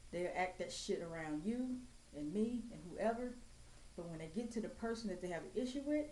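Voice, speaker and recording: A woman's voice: lowish voice, warm tone. Blunt, profane woman ranting in an echoey room. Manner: blunt, profane, straight-talking. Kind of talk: blunt profane rant to camera. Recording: echoey room with faint ambient noise.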